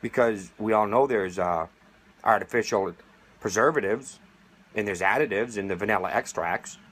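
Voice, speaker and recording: A man's voice: fairly low pitch, moderate pace, a bit bright, breathy edge. A middle-aged man speaking straight to camera, sarcastic and indignant, making a plea as a vaping advocate. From United States. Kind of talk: direct-to-camera appeal.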